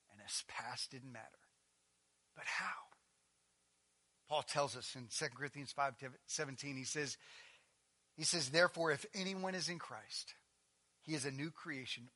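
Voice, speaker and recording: A man preaching a sermon in a high, bright voice. He drops to a near hush, then builds to loud, emphatic peaks. When he quotes others, he slips into a casual, animated way of talking. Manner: swings from hushed intensity to loud, emphatic preaching. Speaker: pastor.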